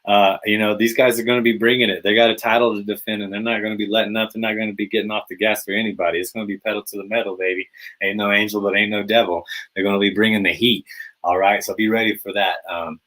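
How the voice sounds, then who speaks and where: A man's voice: lowish voice, fast talker, low-quality recording. Hyped-up casual man hosting a podcast. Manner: energetic, hype, repetitive "man" and "baby" fillers. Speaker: podcast host. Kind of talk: casual fantasy football podcast monologue.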